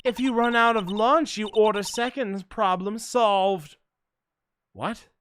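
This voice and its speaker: A man's voice: high voice, takes it slowly, fairly bright tone, a little hiss or hum. A man reading game dialogue aloud, voicing a sassy young woman witness who sells boxed lunches, with a haughty, teasing manner. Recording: game music behind.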